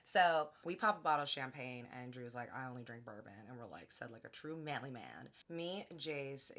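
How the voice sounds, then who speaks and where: A woman telling a gossipy storytime on her vlog, animated and casual, with the odd swear word. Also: rumbling low.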